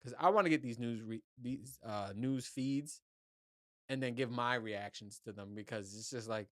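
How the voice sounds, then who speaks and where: A podcast host talks alone on his own show in a loose, rambling, profane and laid-back way. His mid-range voice is a bit bright and moves at a moderate pace, recorded with studio quality and no room sound.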